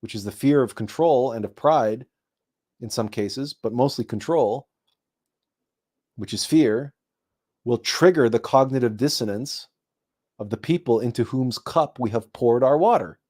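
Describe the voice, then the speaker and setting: A man hosting a spiritual talk show, speaking in a monologue that grows animated as he acts out imagined people. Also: mid-range voice, unhurried, long pauses. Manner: animated storytelling, acting out imagined people in raised voices. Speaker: host.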